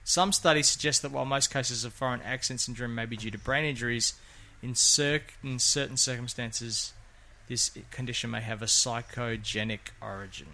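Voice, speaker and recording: A man's voice: medium pitch, steady tone, normal speed, hardly any pauses, bright, forceful tone. A man, co-hosting a casual podcast chat in a jokey, rambling way. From Australia. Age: 50s. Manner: jokey, rambling, laughs often. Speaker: podcast co-host.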